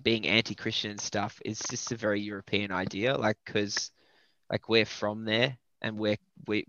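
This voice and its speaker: A man's voice: fairly low pitch, pushed and bright, no echo. An Australian man, a metal vocalist, chatting casually in an interview and thinking aloud with lots of fillers. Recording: dull lo-fi dry audio.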